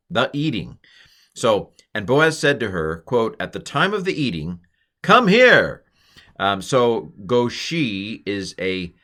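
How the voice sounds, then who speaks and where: Male teacher, deep voice with a bright, forceful edge, relaxed and chatty, walks through grammar point by point. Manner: chatty, explains step by step with playful asides. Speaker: Hebrew teacher. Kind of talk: informal grammar lesson.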